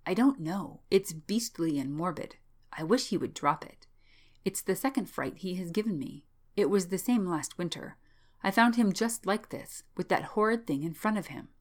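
Worried young man, confiding , voiced by a woman; low storybook voice. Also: expressive, normal speed. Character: worried young male student, anxious friend.

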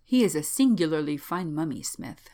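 A woman's voice: deep voice, very animated, normal speed, warm tone. A woman reading a shaken, fretful young scholar. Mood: agitated. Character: nervous young male scholar, shaken and excitable.

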